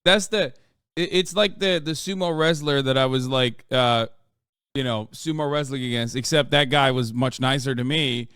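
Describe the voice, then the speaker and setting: A man's voice: medium pitch, clean tone, dry recording, studio quality. Profane man reacting on a stream. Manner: profane, animated, quick to exclaim. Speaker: streamer reacting to a fight video. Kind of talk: casual reaction commentary.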